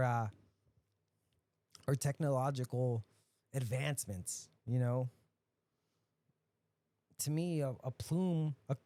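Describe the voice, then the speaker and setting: A man's voice: mid-range voice, dark tone, dry recording. Profane ranting man. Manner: profane, ranting, swings between mutters and outbursts. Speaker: podcast host. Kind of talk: casual podcast rant.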